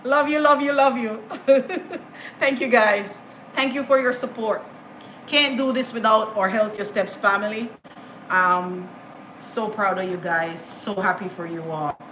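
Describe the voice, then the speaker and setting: A woman's voice: mid-range voice, fairly even intonation, measured pace, pushed and bright, low-quality recording. A woman hosting a live cooking stream, chatting enthusiastically with viewers as she adds ingredients in her home kitchen. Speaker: cooking channel host. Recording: home kitchen noise with sizzling pan. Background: frying and sizzling food.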